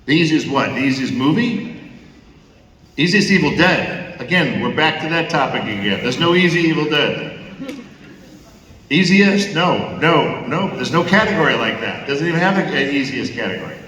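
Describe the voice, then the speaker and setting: An older man telling animated anecdotes at a fan Q&A, slipping into other people's voices and laughing along. His voice sits a bit high. It is picked up from a distance in a large reverberant hall, with background noise. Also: normal speed. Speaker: actor at a fan Q&A. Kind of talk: storytelling Q&A on stage. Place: large theater with audience.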